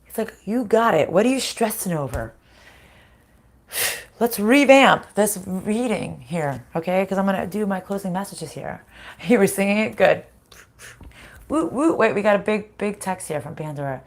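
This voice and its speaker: A woman with a scratchy voice leads a livestreamed spiritual card reading, chatting casually, laughing often and swearing now and then. Her voice is medium-pitched and expressive, at a normal speed.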